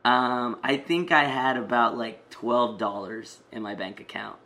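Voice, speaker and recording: A man's voice: mid-range voice, fairly even intonation, measured pace, sharp tone, slight background noise. A man casually telling a personal story, rambling with many fillers and restarts.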